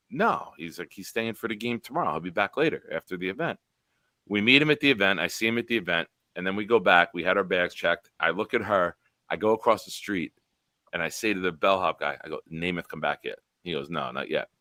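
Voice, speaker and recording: A man in his forties, a show host telling a profane, animated sports story with quoted dialogue. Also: sits low, fast, no room sound.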